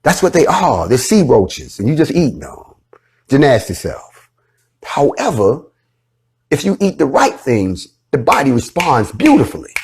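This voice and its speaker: A man's voice: mid-range voice, huge pitch swings, normal speed, slightly rough. A man giving an informal, preachy talk, blunt and swearing freely. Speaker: speaker addressing followers. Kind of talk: informal lecture.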